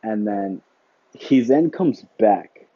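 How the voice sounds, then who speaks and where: A man's voice: on the low side, lively intonation, takes it slowly, dark tone, breathy edge, no room sound. A man hosting a podcast, telling a work story in a rambling, casual way, full of fillers and "whatever, right?". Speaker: podcast host. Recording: dull lo-fi sound.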